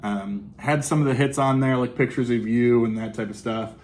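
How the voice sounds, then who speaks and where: A man's voice: mid-range voice, moderate pace, a little mellow. A man casually talking through his recent record purchases, enthusiastic and rambling, with lots of fillers and restarts. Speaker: vinyl collecting YouTuber. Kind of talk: casual record haul review.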